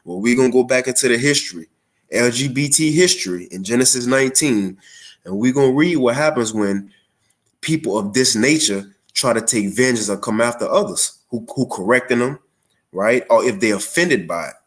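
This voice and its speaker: A man's voice: mid-range voice, animated, moderate pace. A man giving an online religious lesson in a casual, conversational way, with a cough and frequent fillers. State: has a cough. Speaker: religious teacher.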